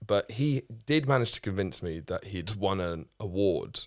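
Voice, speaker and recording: A man's voice: low-pitched, expressive, moderate pace, no room sound, studio quality. A man, a comedian guest telling a rambling story in casual chat, with many restarts and casual swearing.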